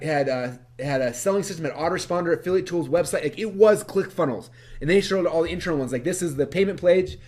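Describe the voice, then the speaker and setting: A man presenting a webinar, telling his story to a live audience in a lively, animated way with many fillers. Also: on the high side. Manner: energetic, animated, quick-talking with many fillers.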